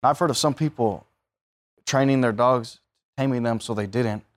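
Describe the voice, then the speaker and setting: A man's voice: medium pitch, normal speed. A man preaching a sermon, telling everyday stories and acting out the voices of the people in them. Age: adult, married.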